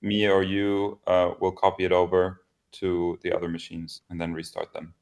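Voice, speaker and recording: Low gravelly guy on a stream, laid back, laughs a lot, swears casually. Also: monotone, normal speed, darkish tone. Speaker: developer co-host. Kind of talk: casual livestream chat.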